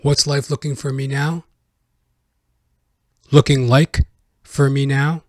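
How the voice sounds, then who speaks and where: A man's voice: medium pitch, level tone, normal speed, no echo. Male podcast host, mid-range voice, casual profane solo storyteller, dry room.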